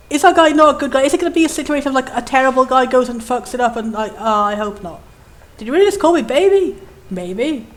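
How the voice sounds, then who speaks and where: A young woman giving chatty, enthusiastic and opinionated commentary as she plays a game. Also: high-pitched. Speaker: let's play host.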